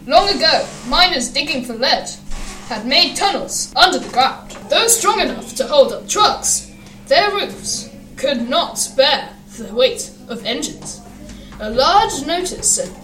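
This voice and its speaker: A woman reading a children's storybook aloud in a lively, expressive way. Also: high voice, measured pace, roomy sound, recorded from a distance, poor audio.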